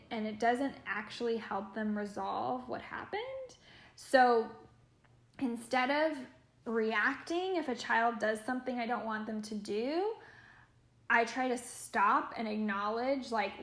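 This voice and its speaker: A young adult woman, a caregiver, giving an earnest, reflective training talk and saying "like" often. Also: on the high side. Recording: echoey room.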